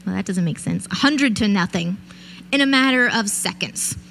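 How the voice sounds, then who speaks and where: A woman's voice: mid-range voice, animated, moderate pace, creaky, fairly bright tone, a little hiss or hum. A woman in her late twenties to thirties giving a motivational keynote speech, telling a vivid personal story and addressing the audience directly. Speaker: keynote speaker. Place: event stage.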